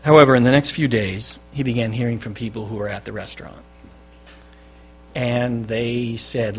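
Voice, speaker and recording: A man's voice: mid-range voice, fairly even intonation, normal speed, slight background noise. Emphatic male pastor preaching. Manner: emphatic, swinging between loud stresses and quiet drops. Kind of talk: sermon. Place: church.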